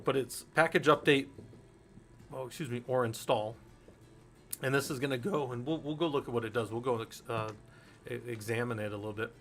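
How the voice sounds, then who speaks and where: A man's voice: medium pitch, brisk, long pauses. Blunt, swearing Linux instructor in his 40s. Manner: candid, swears freely, rambling anecdotes. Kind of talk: casual technical lecture.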